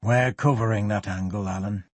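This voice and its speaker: A man voicing a gruff older police superintendent with a Yorkshire accent, blunt and unhurried, in an audiobook. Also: fairly low pitch, fairly even intonation, no room sound, lightly acted. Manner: blunt, unhurried, plain-spoken.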